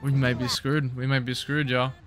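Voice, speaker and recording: A man hosting casual gameplay commentary, excitably cheering his players on by name. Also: mid-range voice, moderate pace, soft background music. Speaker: gaming channel host.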